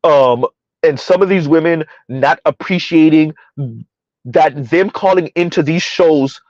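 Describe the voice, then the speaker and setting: A man's voice: a little high, unhurried, darkish tone, no echo, highs cut off. A man doing casual, rambling commentary on a live stream, reading out chat messages as he goes. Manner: rambling, conversational, reads chat aloud.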